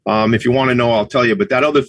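Brief: playful male co-host, husky tone, dry close sound. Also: mid-range voice, fairly even intonation, rapid-fire, fairly bright tone, no echo. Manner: playful, joking, chatty. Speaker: podcast co-host. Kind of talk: casual chat.

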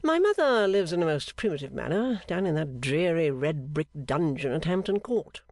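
Man putting on a breezy, cynical gentleman painter. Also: on the high side, sing-song, moderate pace, no room sound, clean studio sound. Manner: breezy and enthusiastic, laughing. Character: airy, cynical gentleman painter, cheerfully mocking.

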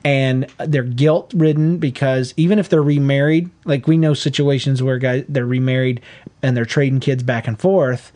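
A man's voice: medium pitch, moderate pace. A middle-aged man co-hosting a podcast, giving earnest, folksy parenting advice in casual chat. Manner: earnest, folksy, animated when acting out quotes. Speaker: podcast co-host.

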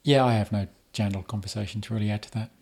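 A man's voice: on the low side, fairly even intonation, fast talker, a little mellow. A man co-hosting a casual podcast, making laid-back, wry asides. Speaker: podcast co-host. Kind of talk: casual chat.

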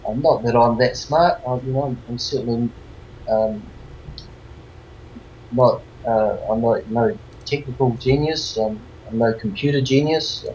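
A man's voice: medium pitch, a little slow. Kiwi guy chatting as a guest, laid back, lots of ums, bit dull sound with faint hiss. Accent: New Zealand. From New Zealand. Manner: relaxed, rambling with many fillers. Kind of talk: casual remote interview.

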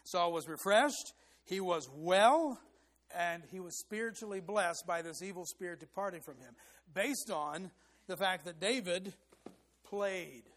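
High-voiced man preaching a sermon. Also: unhurried, fairly bright tone. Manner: sings short hymn phrases to show rhythm; emphatic, rising for stress.

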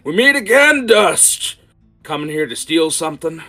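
Half-deaf old innkeeper as a man puts him on: high, strained, hollering at everyone. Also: very animated, normal speed, soft background music, heavily acted. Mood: accusing. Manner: shouting, creaky, cackling.

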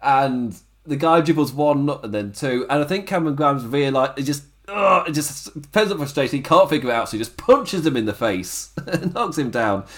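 Man, casual podcast chat, lively pitch, laughs a lot. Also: moderate pace. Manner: laughs often, animated retelling with acted quotes. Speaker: podcast co-host. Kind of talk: casual chat recapping a wrestling show.

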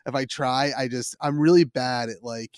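A man's voice: mid-range voice, fairly even intonation, moderate pace, no room sound, clean studio sound. A man with a Philadelphia accent hosting a podcast, chatting casually in a rambling, self-deprecating way with lots of restarts. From Philadelphia area. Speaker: podcast host.

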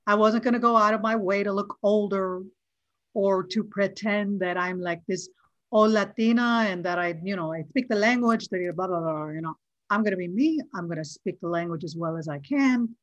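A middle-aged actress tells a story in a casual interview, lively and acting out the quoted lines. Her voice is medium-pitched at a moderate pace, and the recording is dull and dry with no echo.

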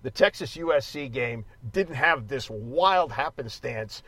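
A man's voice: mid-range voice, animated, measured pace, fairly bright tone, no room sound. A middle-aged man, a regular guest on a sports podcast, arguing his views in an emphatic, stubborn way. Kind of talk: casual sports talk. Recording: dry, slightly dull sound.

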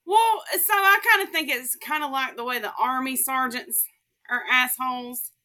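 A woman's voice: high-pitched, normal speed, sharp tone. A woman guesting on a podcast, chatting casually, laughing easily and swearing freely. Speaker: guest co-host. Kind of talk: casual chat.

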